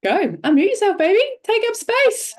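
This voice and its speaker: A woman's voice: very high-pitched, sing-song, moderate pace. A woman leading an online workshop over a video call, encouraging and swearing casually. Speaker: workshop facilitator.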